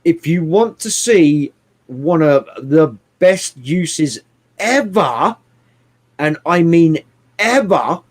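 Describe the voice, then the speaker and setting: A man chatting casually about films, animated and swearing often, with bursts of mimicry. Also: a little high, very slow. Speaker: podcast co-host. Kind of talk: casual movie chat.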